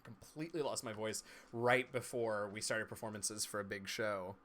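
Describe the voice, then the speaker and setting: A man from East Tennessee, a streamer and game master, in a casual live-stream chat, talking with crisp, trained stage diction in a chatty, playful way. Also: lowish voice, moderate pace, fairly bright tone. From Southern United States, East Tennessee. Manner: chatty and playful, laughs easily.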